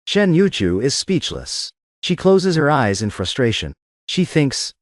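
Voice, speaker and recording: A man's voice: medium pitch, very animated, a little slow, no room sound, clean studio sound. A man narrating a first-person drama story in scripted narration style.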